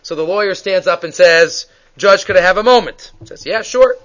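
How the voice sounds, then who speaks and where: A high-voiced man teaches a Torah class and tells stories, acting out each character's lines with lively energy. Hebrew phrases run through his talk. The recording sounds dull and lo-fi. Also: moderate pace. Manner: animated storyteller acting out dialogue, mixing Hebrew phrases.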